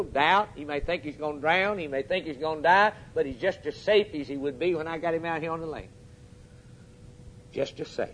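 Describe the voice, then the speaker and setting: A man preaching a sermon, swinging between urgent, raised peaks and quiet, low drops, and putting questions straight to his congregation. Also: a little hiss or hum. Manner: addresses the congregation directly with questions.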